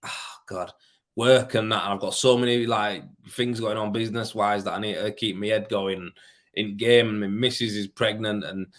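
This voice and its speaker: A man's voice: fairly low pitch, fairly even intonation, normal speed, a bit bright. A tired man in his thirties, a plasterer, hosting a casual live stream, reading viewer questions aloud and answering them in laid-back, slangy talk. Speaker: plasterer livestream host.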